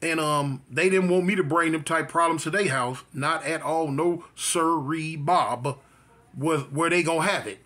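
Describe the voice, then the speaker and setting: At a measured pace, a man with a bright, forceful, fairly high voice shares his personal history conversationally. He keeps circling back to phrases and animates the story with his own sound effects, including mimicked gunshots.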